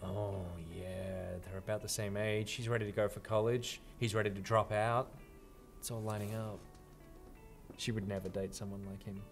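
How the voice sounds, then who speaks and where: A man's voice: lowish voice, level tone, normal speed, creaky, soft background music. A man hosting a let's play, reading game text aloud and joking with a co-host. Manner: playful, jokey, laughs easily.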